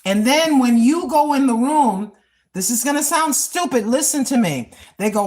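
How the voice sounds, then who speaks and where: A woman's voice: high-pitched, expressive, normal speed, darkish tone. An older woman vlogging in a chatty, rambling way, repeating herself and laughing at her own asides. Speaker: cooking and lifestyle vlogger. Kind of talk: casual rambling monologue.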